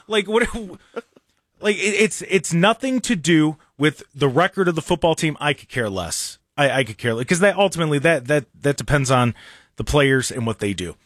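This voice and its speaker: Animated, sarcastic man ranting on sports. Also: on the high side, moderate pace, no room sound, clean studio sound. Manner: animated and sarcastic, mocking others in put-on voices. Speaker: sports radio host. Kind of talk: opinionated sports rant.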